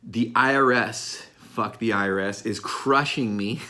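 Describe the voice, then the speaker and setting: A man's voice: fairly low pitch, a little slow, sharp tone. Blunt, profane motivational man. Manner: blunt, profane, emphatic, laughs at himself. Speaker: motivational speaker. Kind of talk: unscripted motivational monologue.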